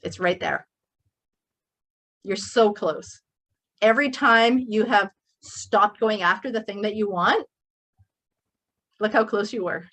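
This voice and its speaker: A woman's voice: medium pitch, slow, long pauses, a bit bright. A middle-aged woman speaking to her audience in an emphatic, preachy way, as the speaker at a motivational workshop. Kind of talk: motivational speech. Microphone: speaking to a live online group.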